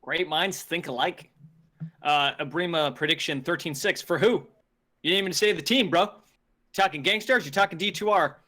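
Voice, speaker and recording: Esports co-caster dude, kinda high bright voice, laid-back banter. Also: male voice, moderate pace. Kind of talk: live game commentary.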